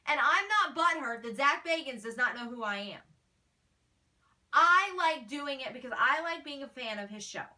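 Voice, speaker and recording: A woman's voice: sits high, animated, moderate pace, sharp tone, far from the mic. A woman fan page admin answering fan questions in a casual vlog, blunt, feisty and exasperated.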